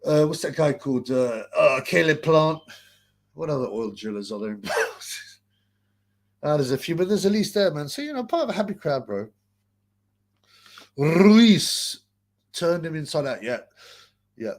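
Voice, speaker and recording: A man's voice: on the high side, very animated, normal speed, pauses often. A man hosting a casual live boxing chat, rambling and crude, with many filler sounds. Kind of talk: casual post-fight live-stream chat.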